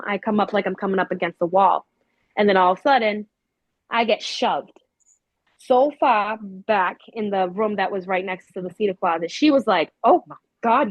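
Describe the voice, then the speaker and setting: Woman, casual storyteller with lots of ums, lively quoted voices, dry recording. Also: mid-range voice, dry recording, lo-fi sound. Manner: animated, acts out quoted voices with many fillers. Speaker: paranormal investigator.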